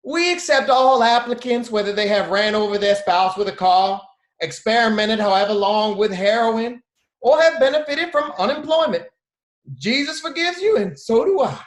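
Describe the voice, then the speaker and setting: A performer voicing a scary, preachy born-again aunt who sermonizes in a drawn-out way. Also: medium pitch, echoey room, pitched above the performer's own voice, close to an everyday voice.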